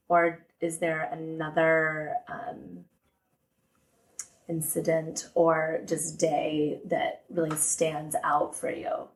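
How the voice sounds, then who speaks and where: Slow, flat-toned woman host. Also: on the low side, poor audio. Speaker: podcast host. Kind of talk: interview questions.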